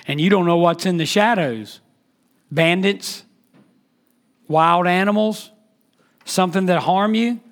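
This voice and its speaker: A man preaching a sermon as pastor, impassioned, swinging between loud emphatic peaks and soft hushed lines. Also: a little high.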